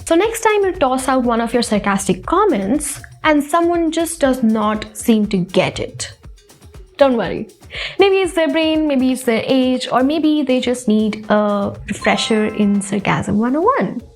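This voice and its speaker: A woman's voice: high voice, lively intonation, measured pace, soft background music. A woman narrating a scripted science explainer in a playful, upbeat way with rising emphasis.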